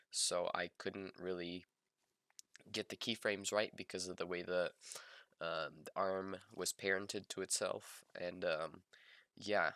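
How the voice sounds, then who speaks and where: A man's voice: sits low, bright, forceful tone, no echo, clean studio sound. A young man casually narrating his own project in voice-over, rambling with lots of ums and restarts and poking fun at himself. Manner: self-mocking, laid-back. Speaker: student documenting his 3D modeling project.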